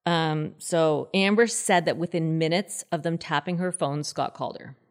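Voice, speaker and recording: A woman in her thirties with a low voice tells a true-crime case to her co-host in a casual, chatty way. She is animated and lifts her voice when she acts out what people said. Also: normal speed. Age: 30s. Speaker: podcast host.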